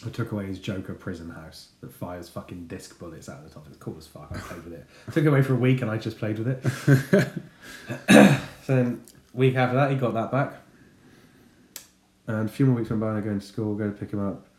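A man in his thirties telling a funny story about his son in a casual, sweary, animated way. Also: fairly low pitch, a little fast. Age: 30s. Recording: echoey room.

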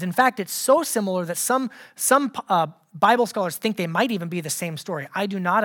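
A woman's voice: medium pitch, fairly bright tone. Sarcastic woman preacher reading dramatically. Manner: dramatic voicing of quoted lines, sarcastic asides. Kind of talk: sermon with scripture reading.

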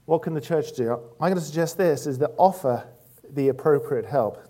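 A man gives a church talk in an easy, conversational way. His voice sits a little high, and he drifts into anecdotes with frequent ums. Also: warm tone. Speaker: church speaker.

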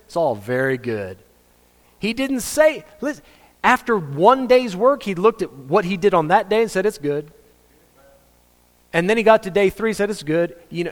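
A man preaching a sermon as pastor, conversational and joking, acting out the voices he quotes. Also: high-pitched. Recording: long reverb of a hall.

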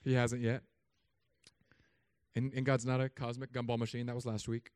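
A man in his thirties, a pastor, preaching a sermon with humor and animated storytelling asides. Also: medium pitch, fast, clean tone, dry recording.

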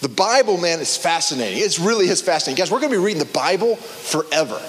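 High-voiced man preaching casually. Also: quick pace, long reverb tail, a little hiss or hum. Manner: conversational, animated, many restarts and fillers. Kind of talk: casual sermon.

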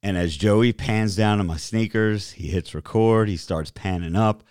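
A man's voice: fairly low pitch, measured pace, darkish tone, clear, resonant tone, no room sound, clean studio sound. A man co-hosting a casual chat, brash and heavily profane, with crude joking rants. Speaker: podcast co-host.

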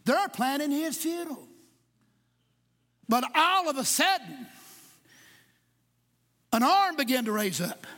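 A man preaching a sermon. He is impassioned, jokes at times and rises to shouts in a church. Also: very high voice, sing-song, slow pace, pauses often. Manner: impassioned, shouting at peaks, joking asides. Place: church sanctuary with congregation. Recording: echoey church hall.

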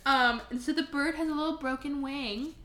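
A woman with a bright voice that sits a little high tells a movie's plot in an animated, profane, playful way. It is a casual podcast chat, and her voice rings in an echoey room. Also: moderate pace, a little hiss or hum. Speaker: podcast host.

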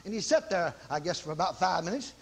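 Male preacher, middle-aged, high and animated, shouts repeated commands. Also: quick pace, creaky, slightly rough. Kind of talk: sermon storytelling.

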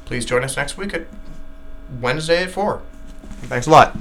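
Male reader of a classic novel, bright forceful tone, expressive live reading. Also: medium pitch, moderate pace, vocal fry, slight background noise. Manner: lively expressive reading, occasional slips.

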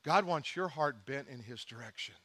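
A middle-aged man preaching a sermon as pastor, shifting between quiet, intimate asides and emphatic, animated bursts. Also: medium pitch, normal speed.

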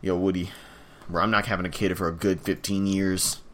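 A young man with a lowish voice tells a story in relaxed, slangy casual chat and swears freely along the way. Faint background hiss sits under the voice. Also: brisk. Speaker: podcast co-host.

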